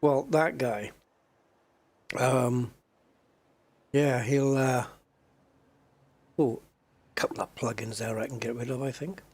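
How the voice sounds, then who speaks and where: A mid-range, husky male voice with a steady tone, speaking slowly and pausing often. He's a streamer playing a space game at his home desk with a joystick, chatting casually with viewers he calls "guys," thinking aloud and humming while he waits.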